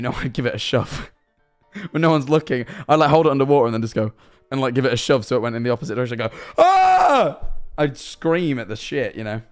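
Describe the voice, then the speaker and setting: A man's voice: mid-range voice, clean tone. A young man chatting on a live stream, rambling through absurd hypotheticals and answering his chat. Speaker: livestreamer.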